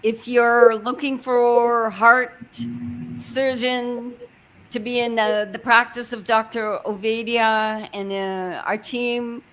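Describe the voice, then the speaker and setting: A woman's voice: fairly high pitch, little pitch movement, slow, a bit bright. Friendly woman hosting a livestream. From Arizona. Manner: friendly, hesitant with fillers. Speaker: host. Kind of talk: livestream interview.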